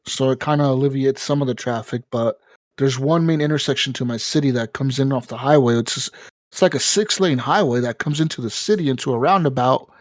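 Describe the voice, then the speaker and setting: A man's voice: mid-range voice, brisk, no room sound. A man co-hosting a gaming podcast, swearing freely and telling stories with lots of energy. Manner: profane, animated storytelling. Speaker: podcast co-host. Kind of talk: casual gaming podcast chat.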